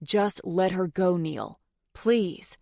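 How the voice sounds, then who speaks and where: A woman narrator plays a hot-tempered young man, desperate and quick to flare up. Her voice sits low and the recording is dry. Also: big pitch swings, gravelly, darkish tone, no echo, exaggerated voice. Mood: pleading. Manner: pleading then furious outbursts.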